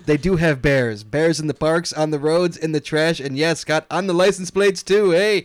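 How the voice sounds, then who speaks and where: A man's voice: on the high side, normal speed, a little hiss or hum, lightly acted. A man reading a listener's email in a put-on mock Canadian accent, voicing a cheeky, chatty Canadian writer who keeps adding "eh". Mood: teasing. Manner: jokey, teasing, heavy on "eh".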